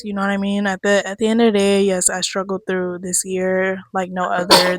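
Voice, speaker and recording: A young woman talks straight to camera in a casual recap, blunt, profane and quick to laugh. Her voice sits low and has gone a little hoarse. The sound is dry and close, with no room around it. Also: dry recording. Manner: candid, animated, swears freely, laughs often. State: voice going hoarse. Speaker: vlogger.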